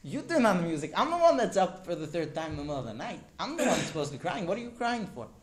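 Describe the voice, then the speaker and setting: A man's voice: fairly high pitch, big pitch swings, normal speed, gravelly, a little mellow. A man voicing an exasperated, bewildered young husband who keeps getting woken at night and pleads to understand why. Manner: pleading, rising with disbelief.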